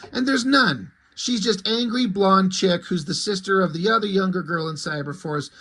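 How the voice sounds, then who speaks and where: A man's voice: fairly high pitch, a bit bright. A man reviewing a comic book in casual, profane, amused commentary.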